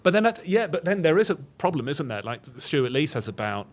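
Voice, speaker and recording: A man's voice: a little high, sing-song. Comedy guy arguing his point, cuts in a lot, chatty podcast. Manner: opinionated, argumentative, quick to jump in. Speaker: comedy duo member, guest. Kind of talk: casual podcast chat.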